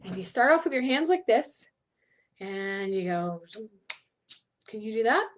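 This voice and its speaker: A woman's voice: medium pitch, lively intonation, measured pace, a little hiss or hum. A woman hosting a live online storytime for children, chatty and encouraging.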